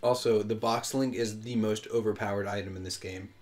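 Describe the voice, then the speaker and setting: A man's voice: lowish voice, fairly even intonation, fairly quick, darkish tone, faint music behind. A young American man co-hosting a casual gaming chat, rambling and opinionated with lots of fillers. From United States. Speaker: co-host playing a video game.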